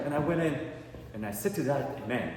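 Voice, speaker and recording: A man performing a stand-up comedy set, telling stories in an animated way and acting out the people in them. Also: a little high. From Canada. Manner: animated storytelling with acted quotes. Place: art gallery event space with a live audience. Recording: echoey hall with long reverb and clear background noise.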